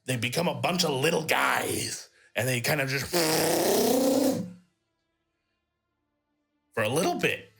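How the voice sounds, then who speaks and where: A man doing a high, eager tinkerer. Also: animated, creaky, over loud music, full character voice. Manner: rambling, halting, boastful. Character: eager male tinkerer crew member, proud of his gadgets.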